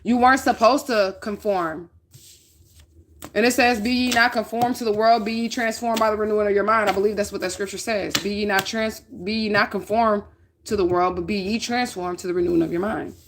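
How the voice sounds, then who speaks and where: Speaking briskly with fairly even intonation, this medium-pitched woman delivers a casual tarot reading over slight background noise. She's from the northern U.S., blunt and profane, and often asks "okay?" to check in.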